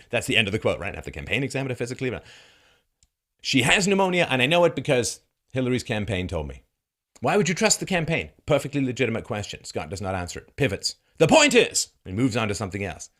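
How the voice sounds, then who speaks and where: With a low voice, a man delivers solo political commentary, sarcastic and mocking, laughing often and doing voices for the people he quotes.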